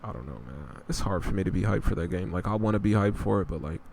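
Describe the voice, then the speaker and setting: A man's voice: low-pitched, expressive, fast talker, creaky, a little mellow, a little hiss or hum. A young man hosting a podcast, chatting casually about video games in a blunt, profane, rambling way. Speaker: podcast host. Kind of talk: casual gaming chat.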